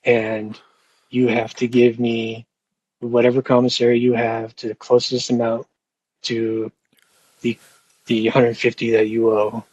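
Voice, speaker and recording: A man's voice: medium pitch, completely flat delivery, a little slow, long pauses, darkish tone, husky, no room sound, lo-fi sound. A young man telling a rambling, profane story with lots of fillers and restarts in casual podcast talk. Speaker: podcast host.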